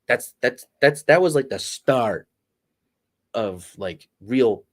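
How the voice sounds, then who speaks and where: A man's voice: medium pitch, animated, takes it slowly. A man co-hosting a casual sports podcast, rambling with lots of "like" and laughing at his own stories. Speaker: podcast co-host.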